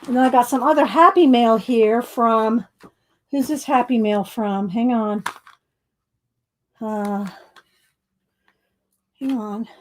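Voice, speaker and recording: A chatty woman with a twang, a bit higher-pitched and in no hurry. She giggles a lot and keeps saying "hang on" as she unboxes mail, a little short of breath. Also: takes it slowly, pauses often, a little hiss or hum. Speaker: craft vlogger. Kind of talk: casual chat.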